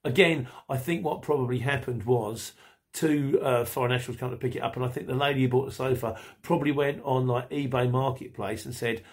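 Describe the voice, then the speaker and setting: A man's voice: medium pitch, fairly even intonation, a little fast. A middle-aged man hosting a podcast, chatting casually and rambling while he reads out listener messages, laughing often. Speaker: podcast host.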